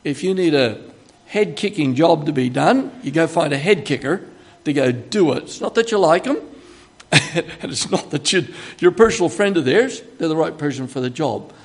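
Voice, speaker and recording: A man's voice: on the high side, lively intonation, moderate pace, breathy edge. An older man with an Australian accent, preaching a sermon in a chatty, joking way, with emphatic bursts when he quotes God. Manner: conversational, chatty teaching with asides and humor.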